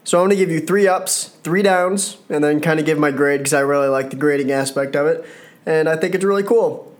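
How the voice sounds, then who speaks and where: A man's voice: on the high side, fairly quick. A man giving casual solo commentary on a wrestling show, rambling, joking and correcting himself as he goes. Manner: rambling, self-correcting, jokey.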